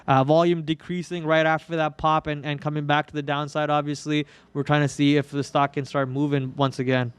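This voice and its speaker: A young man runs a live trading stream in a casual, joking way, groaning theatrically over his losses. His voice is smooth and sits a little high. The sound is dry and close to the mic. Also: level tone, fairly quick, hardly any pauses, dry recording. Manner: joking, melodramatic whining about losses. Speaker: trading livestream host.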